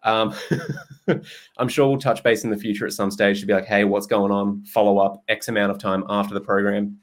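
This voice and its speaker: A man's voice: lowish voice, flat delivery, fairly quick. A young man hosting a podcast in a casual, jokey way, swearing freely and laughing often. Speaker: podcast host and nutrition coach. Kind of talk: casual chat.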